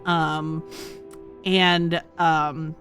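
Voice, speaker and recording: A woman's voice: low-pitched, little pitch movement, very slow, a bit bright, soft background music. A woman game master narrating a tabletop game in a chatty way, with lots of "um" and "uh". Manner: chatty, many "um"s and "uh"s.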